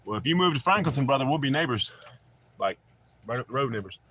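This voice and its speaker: A man with a North Carolina accent chats loosely on a home livestream, his pitch swinging all over and his tone bright and forceful. He rambles, jokes and swears freely. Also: expressive, fast, slight background noise. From not from North Carolina. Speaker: livestream host. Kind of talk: casual livestream chat. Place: home with dogs.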